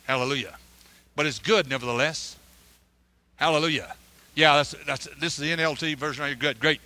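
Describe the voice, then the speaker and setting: High bright-voiced preacher. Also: male voice, brisk. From United States. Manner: animated storytelling, stammering restarts, frequent hallelujahs. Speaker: preacher, missionary. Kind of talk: sermon with personal testimony.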